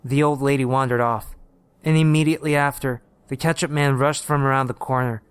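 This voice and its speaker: Brief: male horror-story narrator, smooth and resonant, steady delivery, dry close sound. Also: medium pitch, a little fast, no room sound.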